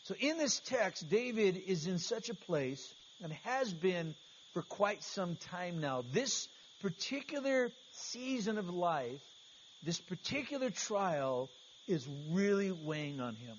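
A man's voice: high-pitched, sing-song, takes it slowly. A man preaching an earnest, conversational sermon as pastor, often restarting his phrases. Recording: slightly dull, faint hiss.

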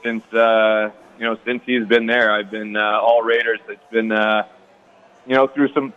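A man's voice: on the low side, level tone, measured pace, clean tone, narrow, tinny audio. A man in his thirties from Canada, a guest athlete chatting casually in an interview, easygoing and rambling with lots of fillers.

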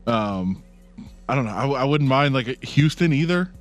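Relaxed, hesitant male guest. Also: mid-range voice, normal speed, faint music behind. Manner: hesitant, relaxed, filler-heavy. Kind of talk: casual sports chat.

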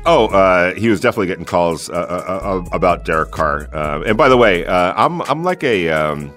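Low-voiced rambling sports radio analyst man. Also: lively intonation, normal speed, a bit bright, faint music behind. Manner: rambling, many fillers and restarts.

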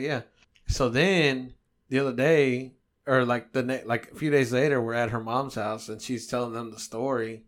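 Animated, foul-mouthed storyteller man. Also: mid-range voice. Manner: animated storytelling, swears a lot. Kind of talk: casual profane chat.

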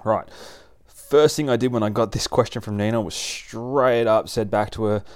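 A man with a somewhat low voice hosts a relaxed advice podcast about training dogs. He explains each point in plain, chatty language, often circling back and restarting a sentence. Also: moderate pace. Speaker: dog trainer podcast host.

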